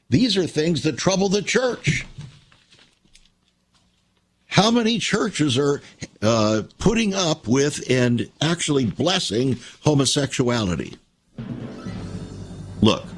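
A man preaching an emphatic broadcast sermon, addressing listeners as friends. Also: mid-range voice. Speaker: radio preacher.

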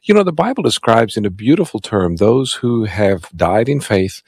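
A man's voice: lowish voice, normal speed, vocal fry, slightly rough, no echo, clean studio sound. A man co-hosting a Bible call-in radio show as a pastor, giving out the number and bringing on callers. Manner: lively, gives phone numbers and takes callers.

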